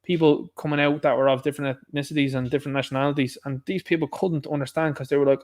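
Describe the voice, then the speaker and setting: A man hosts a livestream, chatting casually as he reads out viewers' comments and replies to them. His voice is a little high with a steady tone, and he talks quickly with few pauses.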